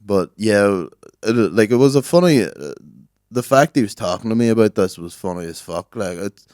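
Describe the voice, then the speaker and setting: Low-voiced Irish man telling stories. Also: expressive, moderate pace, darkish tone, clear, resonant tone, dry recording, clean studio sound. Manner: laid-back storytelling, low-key and swearing. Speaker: podcast co-host. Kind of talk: casual chat.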